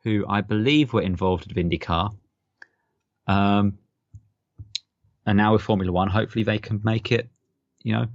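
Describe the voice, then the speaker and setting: A man with a lower voice talks casually as a podcast co-host, often tripping over his words and starting again. The recording is dry, a little muffled, and lo-fi. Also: fairly even intonation, normal speed, pauses often, no room sound. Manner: rambling, stammering restarts. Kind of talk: casual chat. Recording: dull lo-fi podcast mic.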